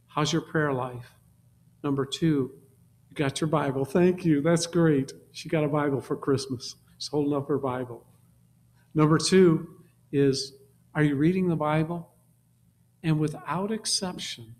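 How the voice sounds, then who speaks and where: A man preaching a sermon, emphatic, repeating key words and swinging from quiet low passages to loud exhortation. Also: slight background noise.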